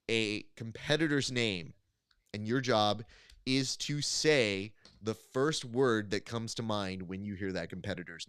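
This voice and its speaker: A man hosting a casual panel show, chatty and playful, quick to laugh. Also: mid-range voice, fairly bright tone, smooth, no echo, clean studio sound. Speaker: host.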